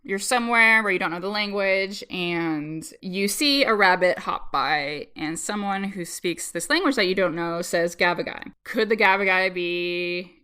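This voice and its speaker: A woman's voice: on the low side, unhurried, few pauses, pushed and bright, clear, resonant tone. A woman interviewed on a podcast, explaining child language in a chatty way with lots of ums and likes and laughs between points. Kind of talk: casual explanatory chat.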